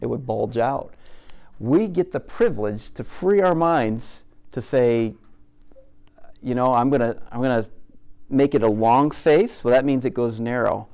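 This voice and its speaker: A man gives a live caricature demonstration to an audience. He talks in a relaxed, jokey way, with a mid-range voice, and keeps asking the room questions to keep them involved. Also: medium pitch, unhurried. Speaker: caricature artist giving a demonstration. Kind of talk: live teaching talk to an audience.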